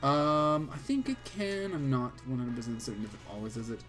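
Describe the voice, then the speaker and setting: A man's voice: medium pitch, very animated, brisk, a bit bright, soft background music. Young man, casual gaming chat, rambling, self-mocking humor. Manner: joking, rambling, self-deprecating. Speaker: co-host of a game let's play. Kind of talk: casual chat over gameplay.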